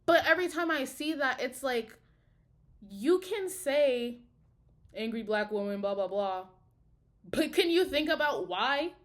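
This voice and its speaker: A woman's voice: high voice, lively intonation, slow pace, long pauses. A young woman, a college student, talking heatedly and profanely in a casual video diary. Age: young adult. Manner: heated, profane, emphatic ranting.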